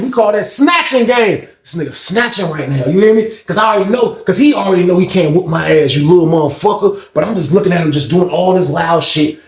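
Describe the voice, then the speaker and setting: A man telling a story in a casual, animated way, swearing and acting out every voice. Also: sits high, reverberant. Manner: animated, profane, acts out every voice.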